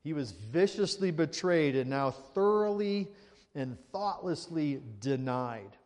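A man's voice: fairly high pitch, animated, slow pace, darkish tone. Man preaching in a reverberant hall, slightly raised voice, asks listeners questions. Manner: conversational preaching with rhetorical questions. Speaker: pastor. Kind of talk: sermon.

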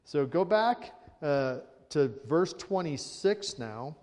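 A man's voice: a little high, lively intonation, slow pace, darkish tone. Man preaching in a reverberant hall, slightly raised voice, asks listeners questions. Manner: conversational preaching with rhetorical questions. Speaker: pastor. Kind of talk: sermon.

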